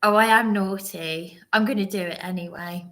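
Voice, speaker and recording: A woman's voice: medium pitch, steady tone, normal speed, a bit bright. A woman talking to camera in a rambling, apologetic vlog, often restarting her sentences. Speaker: vlogger. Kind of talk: casual monologue to camera.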